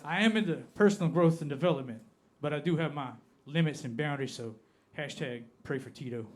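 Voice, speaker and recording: An Appalachian man from the United States, with a matching American Appalachian accent, performs a stand-up set on a club stage, drawing out punchlines deadpan. His voice is a little high and brisk, with a faint hiss or hum in the recording.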